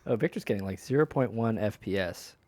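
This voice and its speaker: A man's voice: lowish voice, lively intonation, fairly quick, darkish tone. A man casually chatting while streaming a strategy game, laughing often and swearing in passing. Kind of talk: casual gaming stream chat.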